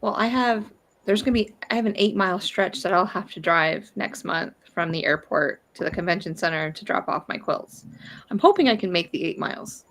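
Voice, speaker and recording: A woman's voice: on the low side, a little fast, a bit bright, poor audio. A woman in casual chat, easygoing and agreeable, often affirming what others say.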